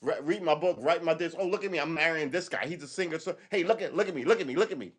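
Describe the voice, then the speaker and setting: A man's voice: fast talker, husky. A man mimicking a self-promoting young woman who begs for attention in a mocking, pushy way. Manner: mocking, breathless sales pitch.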